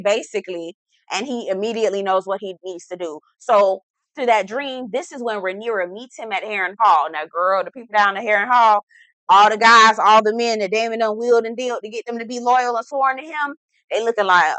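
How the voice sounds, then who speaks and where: A woman giving a comedic, animated, profane recap of a TV episode. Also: on the high side, brisk, no echo. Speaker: TV recap vlogger.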